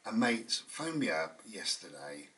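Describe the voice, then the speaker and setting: A man with a fairly low voice rambles through a reflective, chatty monologue at home, drifting between thoughts with plenty of fillers. He sits a little back from the mic. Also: very animated, a little slow, pushed and bright, distant mic. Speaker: channel host. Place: indoors at home.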